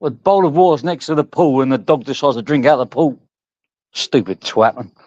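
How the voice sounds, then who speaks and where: A man's voice: mid-range voice, expressive, a little fast, a little mellow, dry recording. A man bantering casually on a livestream, swearing and laughing at himself. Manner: swearing, laughing, self-mocking. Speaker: guest on a livestream. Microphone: video call. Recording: dull lo-fi video call.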